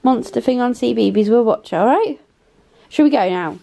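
A woman's voice: on the high side, expressive, moderate pace, gravelly, warm tone. A woman, chatting casually to camera while doing chores around her family home. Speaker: vlogger, mother of four. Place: family house, indoors.

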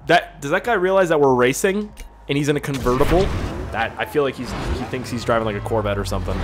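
A man with a mid-range voice and lively intonation talks fairly quickly as a gameplay commentator. His casual commentary on a racing game is crude, rambling and joking, set against game music and car engines.

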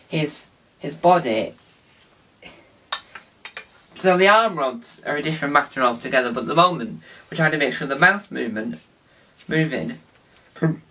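A man's voice: a little high, sharp tone, slight background noise. Man, vlog host, casual tutorial, rambling, lots of ums, slightly distant mic. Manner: rambling, with many fillers and restarts. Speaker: video host.

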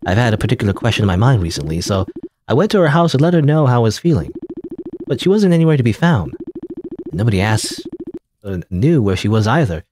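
A man's voice: medium pitch, very animated, fast, noisy background, close to an everyday voice. A man voicing an earnest, shy young moth man who talks eagerly.

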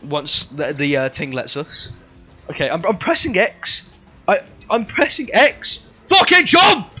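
A man's voice: on the high side, sing-song, a little slow, bright, forceful tone, husky, faint music behind. A young man livestreaming a game, bantering with chat in a sweary, joking way. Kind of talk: live game streaming chat.

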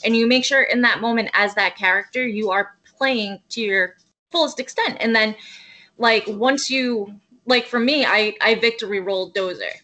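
A young woman wrestler in a casual interview, telling her story in a quick, animated way with acted-out quotes. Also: a little high. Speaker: guest wrestler.

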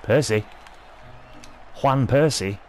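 A young man giving excitable, sweary live commentary over his own hockey video game match. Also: mid-range voice, takes it slowly, faint music behind. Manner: sweary, excitable, talking at the screen. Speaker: gaming video host.

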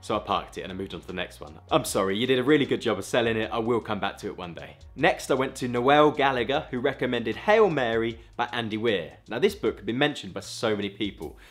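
A man talks through book picks in a chatty, enthusiastic way, his pitch bouncing up and down a lot. He speaks straight to the viewer in a scripted review. Soft music plays faintly behind him. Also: lively intonation, a little fast, few pauses.

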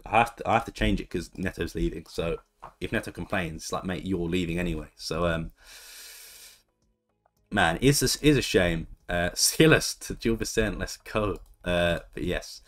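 Deep-voiced young man commenting his game. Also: moderate pace, fairly bright tone. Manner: chatty, reacts to the match as it plays. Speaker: gaming YouTuber.

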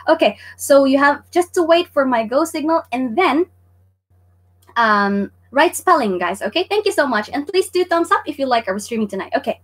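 Woman, livestream teacher, high and bright, chatty, giggly, greets chat. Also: animated, moderate pace. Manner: bubbly, laughs often, greets chat viewers by name. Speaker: online Japanese teacher. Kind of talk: livestream lesson, chatty quiz hosting.

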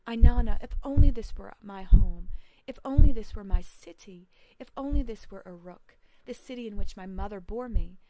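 A woman's voice: medium pitch, moderate pace, mellow, lightly acted. A woman reading the part of a sick, lost young male hero who solemnly pleads with the gods in prayer. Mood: pleading prayer.

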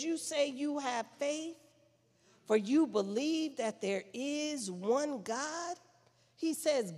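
A woman's voice: sits high, lively intonation, takes it slowly, a little mellow, long reverb tail. A woman pastor preaching a sermon, repeating phrases and building in intensity. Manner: preaching with rising intensity and repetition. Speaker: senior pastor. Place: church sanctuary.

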